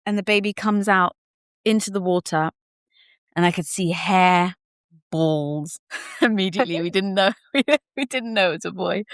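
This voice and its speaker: Podcast guest: young woman, low-pitched, dry close sound, candid and animated storyteller who slips into quoted voices. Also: moderate pace, clean tone, dry recording. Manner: animated storyteller who acts out what people said; candid, casual, occasional swearing. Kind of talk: personal birth story told in conversation.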